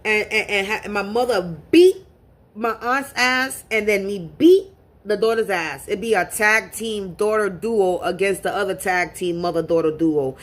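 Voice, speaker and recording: A woman's voice: medium pitch, a little slow. A woman speaking to camera in a casual monologue as a spiritual reader, talking bluntly and profanely and often repeating words as she restarts.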